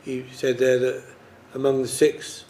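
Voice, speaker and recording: A man's voice: mid-range voice, completely flat delivery, measured pace, mellow. A man leading a scripture study group, explaining verses casually with many fillers. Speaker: class leader.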